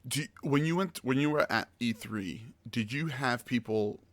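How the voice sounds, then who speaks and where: A man's voice: medium pitch, moderate pace, no room sound. A man hosting a casual podcast interview, friendly and encouraging as he asks questions. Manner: friendly, encouraging, laughs along. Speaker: podcast host, streamer.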